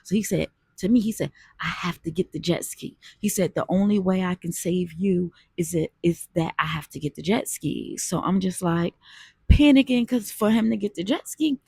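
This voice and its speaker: Gravelly-voiced woman telling a story. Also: on the low side, fairly even intonation, moderate pace, few pauses, a little mellow, no echo, studio quality. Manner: earnest, conversational, addresses viewers as "y'all". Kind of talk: casual storytime monologue.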